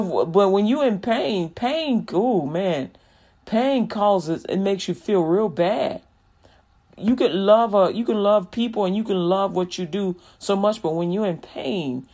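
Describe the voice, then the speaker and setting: A woman's voice: medium pitch, a little mellow. A woman minister preaching casually, folksy and direct, acting out examples and laughing often.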